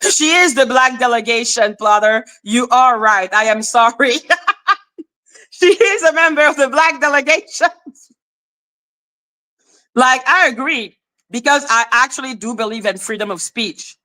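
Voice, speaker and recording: A woman hosting a commentary livestream, ranting with heavy profanity and mockery, breaking into shouts. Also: fairly high pitch, unhurried, long pauses. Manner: profane, mocking, shouts in outbursts. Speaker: commentary channel host. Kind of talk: heated livestream rant.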